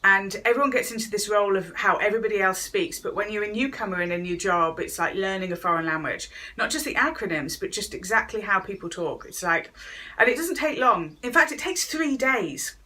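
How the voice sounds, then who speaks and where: A woman with a medium-pitched, bright, forceful voice talks fairly quickly and expressively. Speaking directly to camera, she gives a chatty talk on workplace wellness and acts out quoted voices along the way.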